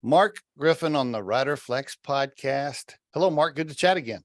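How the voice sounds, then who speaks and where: A male podcast host introduces and questions his guest in an upbeat, chatty manner. His voice sits at an average pitch and is recorded dry and close, with no room echo. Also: animated, moderate pace. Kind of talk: casual podcast hosting.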